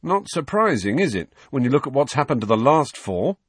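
A man's voice: medium pitch, big pitch swings, brisk, husky, no room sound, pitched above the performer's own voice. A man voicing a wry, joking teenage twin brother who talks in a dry, sardonic drawl in an audiobook.

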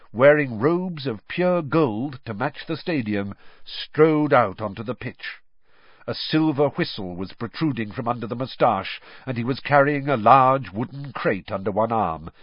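A man narrating an audiobook in a slow, expressive storytelling manner with a husky voice. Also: mid-range voice, dry recording. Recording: dry, slightly dull recording.

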